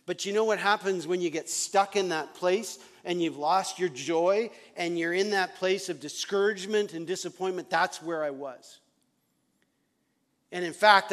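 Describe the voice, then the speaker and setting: A man who is a pastor, preaching an earnest, confessional sermon to fellow pastors, moving from hushed moments to loud ones. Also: high-pitched.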